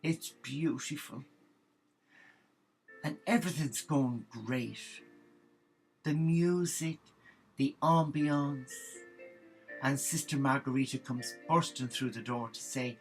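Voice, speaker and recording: Man, comic storyteller, gossipy and animated, gravelly voice, faint music behind. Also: mid-range voice, slow pace, long pauses, rough recording.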